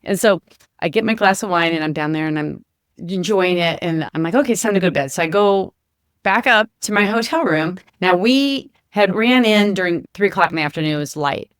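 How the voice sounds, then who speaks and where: A woman co-hosting a podcast, telling a lively story in casual chat and acting out the voices of the people in it. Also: on the low side, moderate pace, clean tone, no echo, studio quality. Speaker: podcast co-host, flight attendant. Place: home kitchen.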